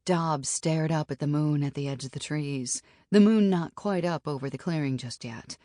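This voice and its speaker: A woman narrating an audiobook in a steady, even reading. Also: low-pitched, moderate pace, dry recording. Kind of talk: scripted narration. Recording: dry studio audiobook.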